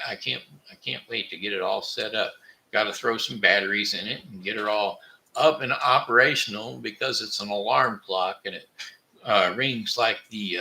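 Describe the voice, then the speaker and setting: A man from Missouri, hosting a casual live stream and talking with his chat in a rambling, halting way full of fillers and restarts. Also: fairly low pitch, vocal fry, pushed and bright, a little hiss or hum, low-quality recording. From Missouri, USA. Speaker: livestream host reading chat.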